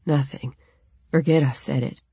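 A woman's voice: steady tone, moderate pace, slightly rough, no echo, heavily acted. Woman voicing a pained, murmuring young man. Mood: pained, quiet. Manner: low, quiet, strained murmur. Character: pained, trembling young man, secretive and withdrawn.

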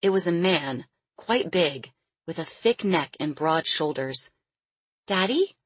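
A woman narrates a storybook in a low, husky voice, measured and expressive. Her voice sounds close and dry, with no room around it. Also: no echo. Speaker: audiobook narrator.

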